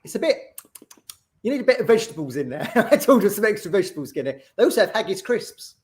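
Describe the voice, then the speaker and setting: A man's voice: high voice, fast talker. A man joining a fan podcast as a contributor, chatting casually in a jokey way with easy laughs. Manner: jokey, animated, laughs easily. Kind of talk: casual chat.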